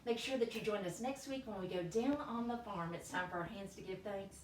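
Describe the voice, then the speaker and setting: A woman's voice: medium pitch, brisk. A woman hosting a children's library storytime, talking cheerfully and leading songs. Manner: cheerful, sings and makes animal sneeze sounds. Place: library room. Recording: roomy, from a distance, faint hiss.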